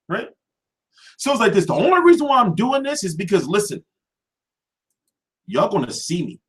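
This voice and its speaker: A brash male host rants about boxing coverage, swearing freely. His voice sits a little high and swings widely up and down as he talks. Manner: brash and animated, swears constantly. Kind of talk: profane rant to camera.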